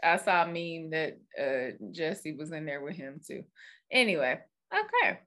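A woman's voice: deep voice, sing-song, measured pace, a bit bright. A woman co-hosting a podcast, chatting casually and rambling with fillers and asides. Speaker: podcast co-host. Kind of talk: casual chat.

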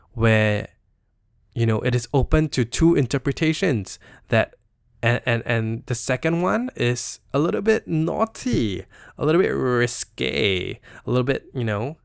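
A man's voice: mid-range voice, creaky, clean tone, no room sound, clean studio sound. A young Singaporean man hosting a podcast, casually unpacking a poetry book in a chatty, playful way, full of "you know" and "like". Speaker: podcast host. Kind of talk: casual solo literary analysis.

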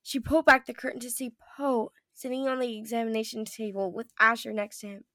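A teenage girl reading narration in a homemade fan audio drama, her voice rising to shouts in emotional moments. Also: on the high side, level tone, a little fast, no room sound, studio quality. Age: teens. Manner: reads narration and voices several characters, shouting in emotional lines. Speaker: co-narrator and voice actor.

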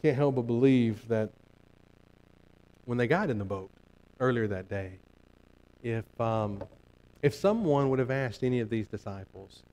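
A man's voice: mid-range voice, unhurried, long pauses, darkish tone, a little hiss or hum, rough recording. A male pastor preaching a sermon earnestly, building emphasis through repeated phrases and frequent restarts.

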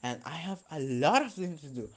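A man's voice: fairly high pitch, very animated, normal speed. A young man whose first language is Spanish, venting in a casual vlog, rambling and swearing with many fillers and restarts. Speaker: vlogger.

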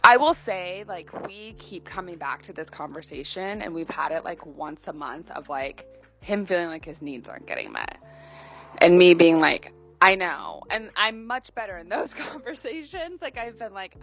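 A woman's voice: lowish voice, expressive, a little slow, faint music behind. A woman co-hosting a podcast, telling a personal story candidly and acting out the dialogue she quotes. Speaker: podcast co-host. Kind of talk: casual chat.

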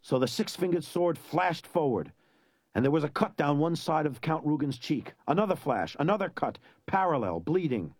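A man reading a novel aloud in an even, measured storytelling voice. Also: fairly high pitch, breathy edge, no echo, studio quality. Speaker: reader. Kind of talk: audiobook narration.

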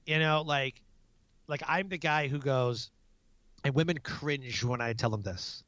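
Animated man telling family stories. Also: mid-range voice, unhurried, dry recording, dull audio. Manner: animated, laughing, acts out his own outbursts. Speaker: guest; military non-commissioned officer. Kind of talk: casual storytelling interview.

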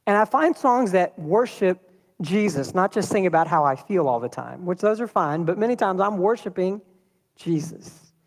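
A man preaching a sermon in a church, talking in a lively, conversational way and throwing rhetorical questions at the congregation. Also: high-pitched, normal speed, big-room sound. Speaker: pastor.

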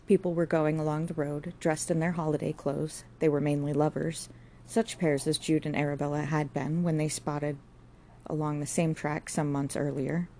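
A woman narrating a classic novel as an audiobook, reading in a measured, steady way. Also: deep voice, a little hiss or hum.

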